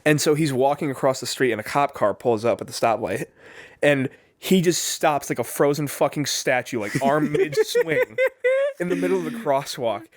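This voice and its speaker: A man's voice: medium pitch, very animated, moderate pace, no room sound, clean studio sound. A man in his twenties co-hosting a podcast, telling a long story in casual chat, laughing often, swearing and acting out the people he quotes. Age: 20s. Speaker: podcast co-host.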